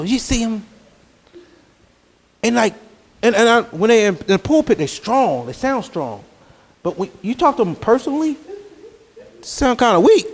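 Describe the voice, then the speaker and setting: High-voiced preacher man, rising emphatic. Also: expressive, normal speed, a bit bright. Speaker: pastor. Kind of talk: sermon.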